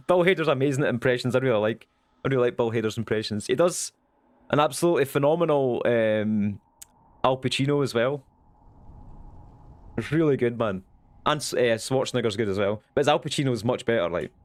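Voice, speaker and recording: A young Scottish man chatting casually on his live stream, rambling and swearing now and then. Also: mid-range voice. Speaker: Twitch streamer.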